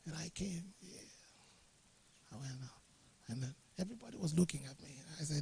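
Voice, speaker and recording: This fairly high, warm, slightly rough voice with vocal fry belongs to a middle-aged Ghanaian guest speaker telling anecdotes to a workshop audience. He speaks at normal speed, pauses often and chuckles a lot as a jovial storyteller. There's no room sound, though the setting is a studio or workshop room.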